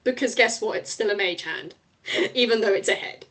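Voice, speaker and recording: A woman narrating as game master of a tabletop game, lively and often laughing. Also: mid-range voice, normal speed.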